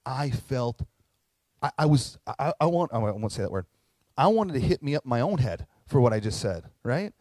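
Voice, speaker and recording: Earnest middle-aged pastor, dry close sound. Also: male voice, medium pitch, big pitch swings, moderate pace, dark tone, no room sound. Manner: conversational, earnest storytelling with acted quotes. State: tearing up at moments. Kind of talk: sermon.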